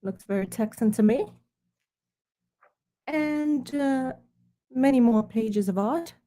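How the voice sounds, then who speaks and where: Speaking slowly, a woman from Ukraine uses a fairly high, warm voice and a fake British accent to sarcastically preview her art books. She plays it dry and mock-posh, sending up snobbery.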